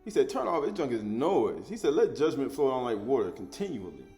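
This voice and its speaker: A man preaching a sermon, teaching in an animated way, repeating and restating his words and chuckling as he goes. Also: medium pitch, brisk, faint music behind.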